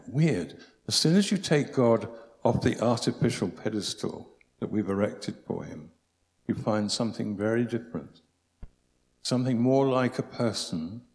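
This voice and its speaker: A man giving a preaching talk, telling stories in an animated, humorous way. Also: lowish voice. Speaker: speaker. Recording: long hall reverb.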